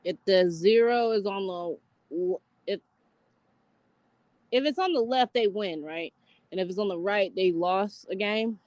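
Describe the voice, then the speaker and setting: A woman's voice: mid-range voice, a little slow, long pauses, a little mellow, no echo. A woman guest on a podcast asking plain, puzzled questions. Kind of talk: casual podcast chat. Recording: muffled, off-mic pickup.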